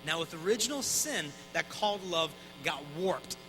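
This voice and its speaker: A man in his thirties giving an energetic, conversational talk at a conference, acting out voices in his stories. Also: high voice, moderate pace, music in the background, poor audio. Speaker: Catholic speaker. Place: conference hall.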